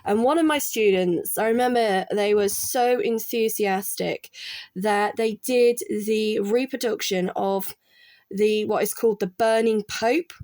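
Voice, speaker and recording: A woman's voice: mid-range voice, unhurried, darkish tone, dry recording. A middle-aged woman chatting casually while she works on art, rambling with restarts and quoting people she worked with. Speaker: artist and former college art support worker.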